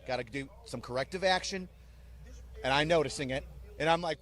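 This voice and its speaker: A man who serves as an army drill sergeant tells animated stories in an interview, bellowing out quoted commands. His pitch is fairly high and his pace brisk.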